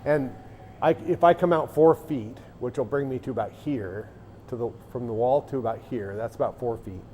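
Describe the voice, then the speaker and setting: A man's voice: mid-range voice, normal speed, mellow, a little hiss or hum. Rambling man livestreaming from his arcade. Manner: rambling, thinking aloud with restarts. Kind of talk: casual livestream chat. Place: arcade café interior.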